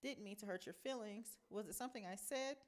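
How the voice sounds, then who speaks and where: A woman's voice: mid-range voice, fairly quick, lightly acted. A woman reading a novel aloud, voicing a friendly, overly polite middle-aged man who talks in an amiable, rambling way.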